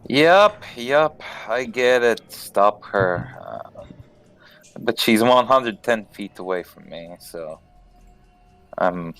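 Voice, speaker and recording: A man's voice: medium pitch, animated, slow pace, long pauses, fairly bright tone, faint music behind. A man playing a tabletop game, sighing and unsure, cracking dry jokes. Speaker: player. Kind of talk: casual chat during a game.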